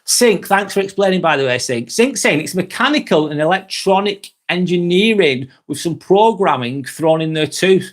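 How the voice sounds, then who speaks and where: A man's voice: sits high, lively intonation, moderate pace, hardly any pauses. A young man with a broad Lancashire accent, hosting a casual live vlog, chatting to viewers and swearing freely as he reads their comments. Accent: Lancashire English. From Northwest England. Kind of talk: casual live-stream chat reading out comments.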